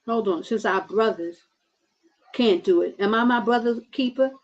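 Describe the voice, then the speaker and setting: A woman's voice: on the high side, moderate pace, darkish tone, muffled recording. A woman preaching fervently to her listeners as brothers and sisters, repeating herself and restarting her sentences. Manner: repeats words and restarts often. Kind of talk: impassioned online sermon.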